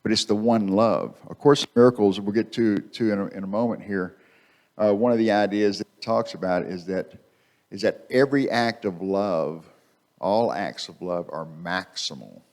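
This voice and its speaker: Male speaker, lower voice, relaxed conversational sermon with repeated phrases, church mic. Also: moderate pace. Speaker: guest speaker. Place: church sanctuary. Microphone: microphone.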